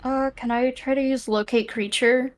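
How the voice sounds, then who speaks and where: A woman's voice: high-pitched, fairly even intonation, normal speed. A woman playing a tabletop game, talking hesitantly with many fillers. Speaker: player. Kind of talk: casual tabletop play.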